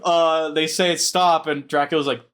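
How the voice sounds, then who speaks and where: This book podcast host is a man whose voice runs on the high side, pushed and bright, at a moderate pace. Casual and heavily profane, he jokes his way through a chapter summary and acts out characters in quotes.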